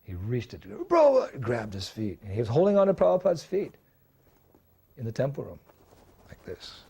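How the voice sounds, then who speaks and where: A man's voice: medium pitch, mellow, a little hiss or hum. An older man, a monk speaker, telling a reminiscence in a loose, anecdotal way, full of fillers and acted quotes. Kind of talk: storytelling reminiscence.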